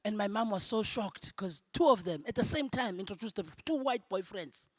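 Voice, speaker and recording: A young South African woman, a native Zulu speaker, doing a stand-up comedy set. She laughs often and swings between loud punchlines and hushed asides. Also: mid-range voice, animated, moderate pace, no echo, studio quality. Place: convention ballroom.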